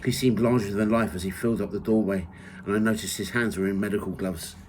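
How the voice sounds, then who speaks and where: A man reading from his own memoir in the first person, measured and steady. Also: on the low side, noisy background. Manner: measured reading, rising loud for quoted shouts.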